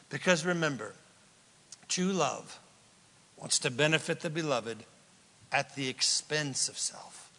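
A man preaching a sermon as a pastor, impassioned, swinging from shouts down to a hush. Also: fairly high pitch, big-room sound.

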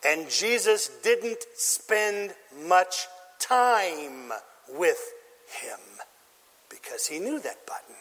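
A man's voice: high-pitched, sing-song, drawn-out words, a bit bright, in a large hall. A man preaching a sermon as pastor, emphatic and quizzing his congregation with questions. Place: church.

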